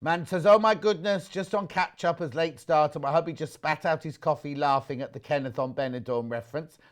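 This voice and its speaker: A British man with a fairly high voice and brisk delivery presents fabrics on a live shopping channel. He keeps the sales chat casual, joking around and reading out messages from viewers.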